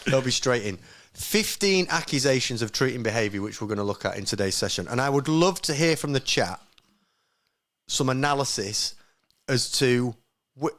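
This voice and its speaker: A man's voice: mid-range voice, a bit bright. A man co-hosting a podcast, reading a statement aloud, stumbling over words and laughing at himself. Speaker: podcast co-host.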